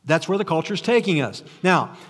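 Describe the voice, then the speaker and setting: High-voiced older preacher in a hall. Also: male voice, lively intonation, normal speed, breathy edge. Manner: conversational, self-deprecating, frequent restarts and rhetorical questions. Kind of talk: sermon. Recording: long hall reverb.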